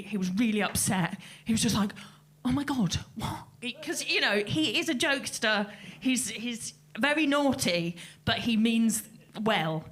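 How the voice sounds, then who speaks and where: A woman telling a lively anecdote on stage, acting out the quotes as she goes. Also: a little high. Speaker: festival crew member telling a story.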